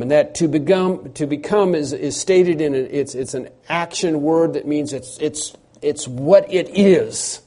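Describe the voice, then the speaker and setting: A man's voice: on the high side, lively intonation, a little slow, dark tone. A man preaching a sermon, earnest, often repeating words as he builds to emphatic phrases.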